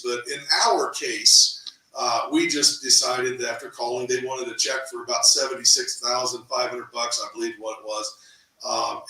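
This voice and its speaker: A middle-aged man tells a story in a casual interview, lively, repeating words and acting out quotes. His voice is bright and forward. It is recorded in an echoey room from some way off the mic. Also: mid-range voice, far from the mic. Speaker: real estate team owner, interview guest.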